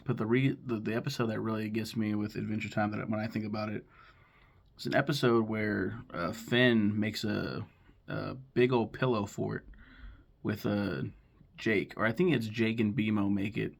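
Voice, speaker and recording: In his thirties, this YouTuber ranks his favorite cartoons while talking casually to camera, his voice low, steady, gravelly and husky. He swears freely and rambles as he retells plots, acting out characters' lines in quick voices.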